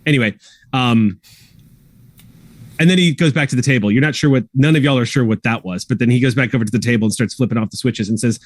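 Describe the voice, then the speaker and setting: A man narrating a tabletop game as game master, relaxed and full of fillers. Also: medium pitch, brisk, no room sound.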